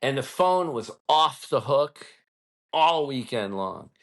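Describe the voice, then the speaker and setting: Blunt profane podcast host. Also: male voice, medium pitch, expressive, slow pace, fairly bright tone. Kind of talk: casual ranting storytelling.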